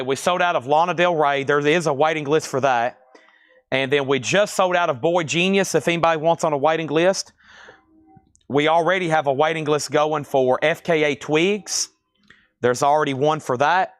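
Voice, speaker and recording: A man's voice: fairly high pitch, smooth, no room sound, studio quality. A man hosting a live record-sale stream, reading out items, prices and bids in a chatty, self-deprecating way.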